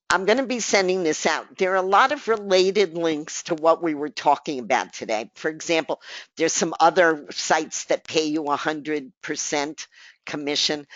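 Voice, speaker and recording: A woman's voice: low voice, no room sound. A woman presenting a live marketing webinar who repeats her key points and speaks straight to her listeners, while she is losing her voice. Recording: dull, dry lo-fi recording.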